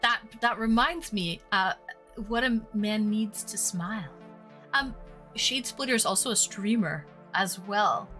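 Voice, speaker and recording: Bright-voiced chatty woman streamer. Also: mid-range voice, measured pace, soft background music. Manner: chatty and playful, teasing her chat. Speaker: streamer hosting online dates. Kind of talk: casual live-stream chat.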